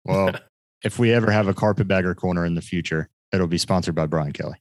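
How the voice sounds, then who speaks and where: A man with a very low voice co-hosts a sports podcast, trading sarcastic jokes in casual chat. His voice sounds dry and close, with little room around it. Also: fast, no room sound. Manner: joking, sarcastic. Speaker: podcast co-host.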